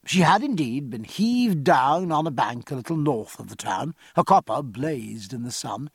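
A man narrating a historical sea novel in a measured, expressive audiobook reading. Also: mid-range voice, creaky, husky, no room sound, clean studio sound.

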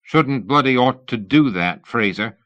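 A man's voice: mid-range voice, lively intonation, a little slow, fairly bright tone, no echo, lo-fi sound, voice pushed up. A man reading an insolent, crude male agent who coughs.

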